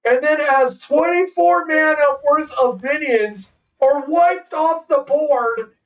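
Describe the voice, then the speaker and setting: With an extremely high-pitched voice far from the mic, a man streams a live card game and hurls profane, ranting trash talk at his opponent while commenting on the play.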